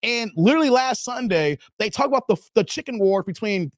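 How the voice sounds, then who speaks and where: Guy hosting a chat stream, high lively voice, slangy and rambling, laughs a lot, dry close sound. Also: brisk, no echo. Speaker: show host. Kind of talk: casual livestream chat.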